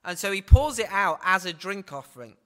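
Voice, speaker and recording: A man's voice: high voice, animated, fairly quick. A man preaching a sermon in a conversational way, often adding tag questions.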